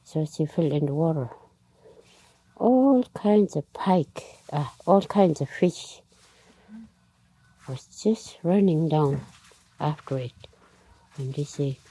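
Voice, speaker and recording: A woman telling a traditional story aloud in a halting, unhurried way, with frequent pauses, fillers and nonstandard grammar. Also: low-pitched, animated, warm tone, slightly rough, no echo, low-quality recording.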